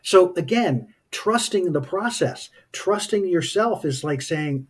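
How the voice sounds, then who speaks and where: A man's voice: sits high, animated, takes it slowly, few pauses, breathy edge. A man speaking as a spiritual teacher in casual, reflective talk, telling personal stories in a thoughtful way. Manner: thoughtful, anecdotal storytelling.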